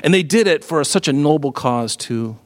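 A middle-aged pastor preaches in a large hall, his voice on the high side and his pace moderate. He's conversational and animated, filling the sermon with rhetorical questions.

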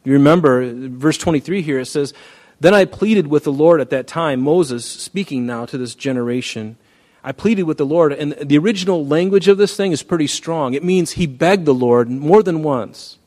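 A man's voice: a little high, normal speed, a little mellow. A male pastor preaching a conversational sermon, now and then acting out quoted dialogue.

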